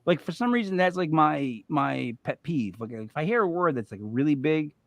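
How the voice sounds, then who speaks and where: A man hosts a podcast, talking in a fairly high, very lively voice. He jokes and rambles in a loose, casual way. The recording is dry and close. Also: normal speed, vocal fry, no echo. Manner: animated, joking, rambling. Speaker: podcast host. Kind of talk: casual chat.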